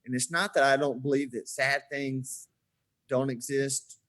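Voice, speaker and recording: A podcast guest in his forties talks in an unhurried, mid-range voice. He's an animated storyteller in a casual chat, acting out the quoted dialogue along the way.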